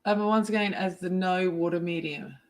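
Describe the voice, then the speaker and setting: A woman hosting a coloring livestream, chatting casually and excitedly greeting her viewers by name. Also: on the low side, moderate pace. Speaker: art livestream host.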